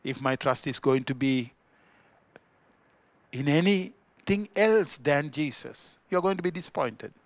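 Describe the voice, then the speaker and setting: A male pastor with a Sri Lankan accent delivers a sermon in a fairly high voice. He swells into loud, emphatic declarations and then drops to hushed, low remarks. The sound is close and dry, with almost no room echo. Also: animated, a little slow, pauses often. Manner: swings between loud emphatic peaks and quiet low asides. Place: church.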